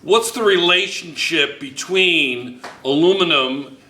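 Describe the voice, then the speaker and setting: A man's voice: a little high, takes it slowly, pushed and bright, reverberant, slight background noise. A man teaching a chemistry class, playful and joking, repeating phrases to his students. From United States.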